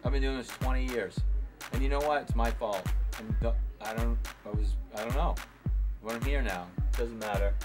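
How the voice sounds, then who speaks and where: A man in casual chat, a relaxed storyteller who plays both sides of a conversation. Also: mid-range voice, normal speed, over loud music. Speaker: guest comedian.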